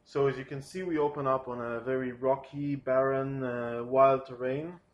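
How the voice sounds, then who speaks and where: A man whose first language is not English, pitching a film scene in a hesitant, soft-spoken way with many pauses. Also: little pitch movement, lo-fi sound. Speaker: storyboard artist pitching a film. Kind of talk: informal pitch narration.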